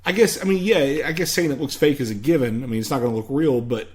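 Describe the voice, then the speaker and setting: A man's voice: mid-range voice, fast, a little mellow. A man co-hosting a casual podcast, retelling movie scenes in a rambling, hedging way. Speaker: podcast co-host. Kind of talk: casual movie recap chat.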